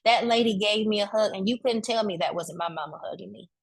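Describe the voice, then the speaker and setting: A woman giving a conversational, preacher-like talk on grief, speaking straight to the crowd in relaxed, colloquial speech. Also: mid-range voice, brisk, vocal fry, husky. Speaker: speaker at a wellness event.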